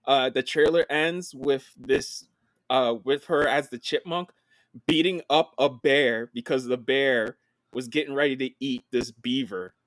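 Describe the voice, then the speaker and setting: A man co-hosting a film podcast in casual chat, animated, laughing often and swearing freely. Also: medium pitch, measured pace, dry recording. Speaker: podcast co-host.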